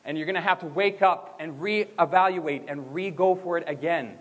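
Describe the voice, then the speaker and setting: A young man giving a motivational graduation speech, energetic and leading the crowd in chants. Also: a little high, normal speed. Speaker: motivational speaker. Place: school gym or auditorium. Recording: long hall reverb.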